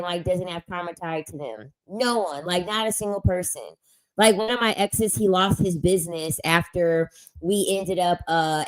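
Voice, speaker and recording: A young woman hosting a casual livestream, reading chat aloud and answering in a blunt, profane way, laughing often. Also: mid-range voice.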